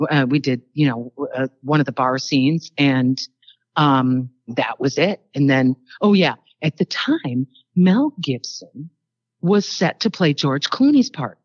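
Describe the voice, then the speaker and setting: Older woman guest, low voice, rambling chatty stories, dry dull lo-fi sound. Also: a little mellow, no room sound. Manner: rambling, chatty anecdotes with frequent fillers. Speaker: actress guest. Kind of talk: casual interview storytelling.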